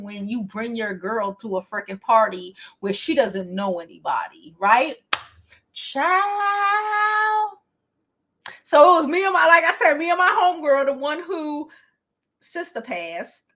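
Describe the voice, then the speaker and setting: A woman vlogger telling a casual storytime to her viewers, animated and profane, often breaking into laughter. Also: on the high side, background noise. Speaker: beauty vlogger.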